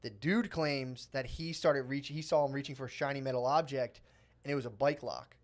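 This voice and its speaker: A man in his thirties tells a rambling story on a comedy podcast. He acts out every quote in the story and laughs often. His voice sits at an average pitch. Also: fairly quick. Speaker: podcast co-host. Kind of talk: casual comedy podcast chat.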